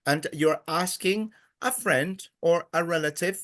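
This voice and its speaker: A man teaching a Spanish class in a classroom, patiently prompting students, praising their answers and pausing often with "uh". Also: fairly high pitch, fairly bright tone, dry recording, studio quality. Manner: hesitant, many "uh" pauses. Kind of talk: classroom language lesson.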